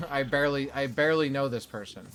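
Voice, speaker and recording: A man's voice: medium pitch, brisk, a bit bright. A man streaming a video game, chatting, laughing and critiquing it casually. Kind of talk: casual let's play commentary.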